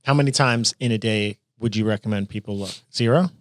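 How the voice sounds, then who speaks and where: A man's voice: fairly low pitch, a little fast, dry recording, clean studio sound. A man hosting a podcast, asking questions in a laid-back casual chat. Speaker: podcast host, coach.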